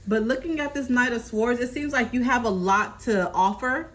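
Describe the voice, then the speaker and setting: A woman's voice: a little high, moderate pace, low-quality recording. Woman giving a reassuring tarot reading. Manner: reassuring, keeps checking in with "okay?"; relays messages from spirit in a steady flow. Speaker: tarot reader. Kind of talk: casual tarot reading to camera.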